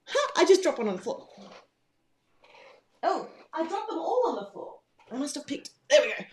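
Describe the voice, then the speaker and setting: A woman's voice: sits high, very animated, moderate pace. A woman hosting a casual livestream from home, chatting in a rambling, bubbly way with lots of fillers. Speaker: livestream host, planner business owner.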